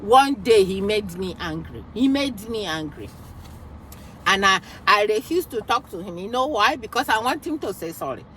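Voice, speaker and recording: A woman with a Nigerian accent telling a story in an animated vlog monologue, acting out voices and slipping into pidgin. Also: medium pitch, normal speed, a little hiss or hum. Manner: expressive, acts out quoted voices, mixes in pidgin. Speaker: vlogger.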